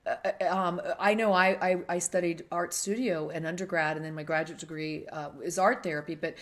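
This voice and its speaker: A middle-aged woman hosting an interview, telling a story in a casual, animated way and acting out the voices she quotes. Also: fairly low pitch, brisk. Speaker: host.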